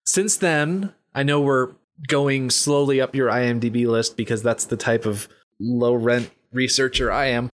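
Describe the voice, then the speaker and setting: Casual podcast host, mid-pitched voice, friendly self-mocking questions. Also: unhurried.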